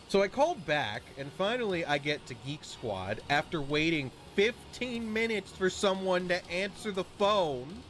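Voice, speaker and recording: A man's voice: high-pitched, big pitch swings, a little slow, hardly any pauses, a bit bright, slight background noise. Man ranting casually on a game stream. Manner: rambling ranting with swearing. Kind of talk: casual chat while streaming.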